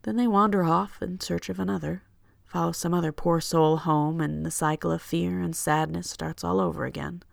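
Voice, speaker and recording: Hesitant, apologetic young woman, a little gravelly , read by the narrator. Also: mid-range voice, steady tone, moderate pace, no echo, clean studio sound. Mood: rueful.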